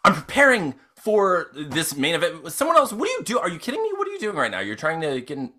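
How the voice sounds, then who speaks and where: A huffy, childish wizard showman, played by a man in a tabletop game, squawking in a raised, bright voice. He is outraged and high-strung, and he fires off protests. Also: wildly swooping pitch, quick pace, heavily acted. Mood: indignant.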